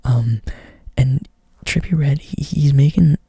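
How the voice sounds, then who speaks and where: A man's voice: mid-range voice, slow, gravelly, dark tone, breathy edge, no room sound. A young man doing whispered ASMR storytelling up close to the mic, rambling casually and swearing a lot. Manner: rambling, profane, filler-heavy casual talk. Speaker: ASMR creator.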